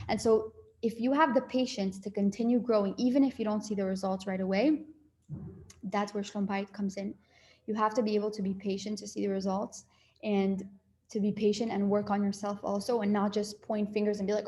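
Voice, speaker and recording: A young woman speaking casually to an audience about relationships, her voice sitting at an ordinary middle pitch. She rambles in a friendly way, full of "like" and "you know". She slips into quick little quoted dialogues as she talks. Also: fairly even intonation, dark tone. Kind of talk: casual talk to a live and Zoom audience.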